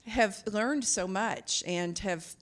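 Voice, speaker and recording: A woman's voice: medium pitch, takes it slowly. An American woman from the audience, earnestly asking a guest a question at a convention panel. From United States.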